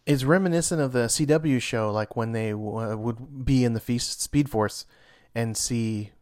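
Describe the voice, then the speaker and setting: A man with a mid-pitched voice chats casually about comics on a podcast. He reacts with enthusiasm and open shock to the story beats, often stopping to ask his co-host questions. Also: unhurried, a little mellow. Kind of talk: casual chat.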